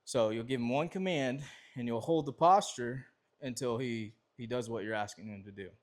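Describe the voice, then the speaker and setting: Relaxed, rambling man teaching dog obedience. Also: medium pitch, normal speed. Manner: relaxed, rambling explanations with restarts and fillers. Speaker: dog trainer. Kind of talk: casual training demonstration.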